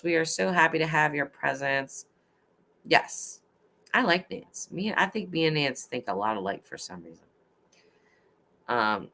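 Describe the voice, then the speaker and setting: Low, bright-toned woman chatting on a live stream. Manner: chatty and rambling, heavy on "like", quick to laugh. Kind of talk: casual late-night live-stream chat with viewers.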